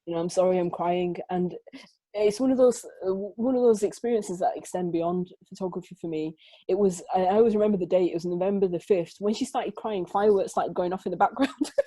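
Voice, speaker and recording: A woman, a photographer, recounting her work in an animated way over a video call, laughing often and restarting her sentences. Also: mid-range voice, brisk, no room sound, poor audio. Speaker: photographer, guest. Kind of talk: conversational interview storytelling. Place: home, remote conversation.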